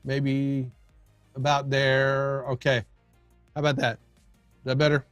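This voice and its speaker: Relaxed man rambling on a livestream. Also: mid-range voice, takes it slowly, smooth, dry recording, faint music behind. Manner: rambling, with frequent restarts and chatting to viewers. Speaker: livestream host. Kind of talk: casual live-stream chat.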